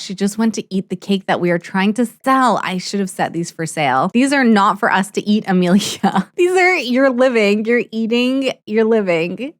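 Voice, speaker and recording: A woman hosting a let's play, chatting excitedly through her game with quick laughs and playful mock outrage. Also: lowish voice, no room sound, studio quality. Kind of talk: casual gameplay commentary.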